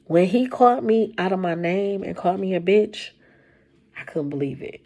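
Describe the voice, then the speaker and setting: A woman casually telling a personal story to camera, animated and colloquial, her voice jumping high when she quotes herself. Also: moderate pace. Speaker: storyteller sharing a personal testimony.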